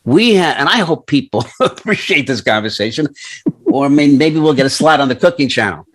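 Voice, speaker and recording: Older male co-host, chatty storyteller who ramps into comic rants; fairly high, very lively pitch. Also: a little fast. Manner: animated storytelling, mock ranting, swears. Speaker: podcast co-host. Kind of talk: casual chat.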